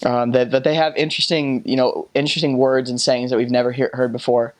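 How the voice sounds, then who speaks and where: An American man recalls his years abroad in a relaxed, storytelling way. He stops and restarts often, filling gaps with ums and you-knows, at an ordinary middle pitch. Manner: halting, with many restarts and fillers. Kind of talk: casual storytelling.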